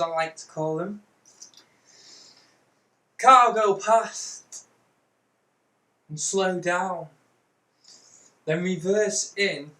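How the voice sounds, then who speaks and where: A man's voice: sits high, a bit bright. A man telling a comic story in a rambling way, slipping into mock-old-fashioned peasant talk. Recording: roomy, distant mic.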